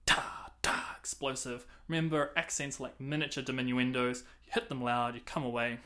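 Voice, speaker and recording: A man's voice: medium pitch, flat delivery, a little fast, background noise. A man teaching clarinet, counting and singing rhythms aloud between casual explanations. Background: clarinet playing between talk.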